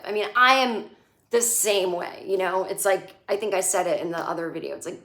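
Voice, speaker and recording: A woman's voice: on the high side, expressive, normal speed, fairly bright tone. Chatty sarcastic woman in an echoey room. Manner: chatty, sarcastic, swears freely, acts out characters' lines. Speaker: comedian recapping a TV show. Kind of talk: casual comedic recap.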